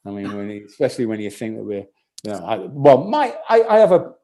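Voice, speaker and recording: A man doing a rambling stand-up set, telling a long story in a halting, deadpan way full of restarts. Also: on the low side. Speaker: stand-up comedian.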